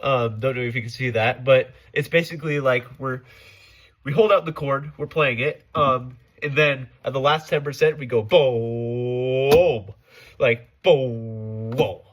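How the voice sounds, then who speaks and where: A man's voice: mid-range voice, moderate pace, fairly bright tone. A man giving casual spoken feedback on a choir rehearsal, rambling with many fillers and restarts, enthusiastic about musical detail. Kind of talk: casual spoken critique and explanation.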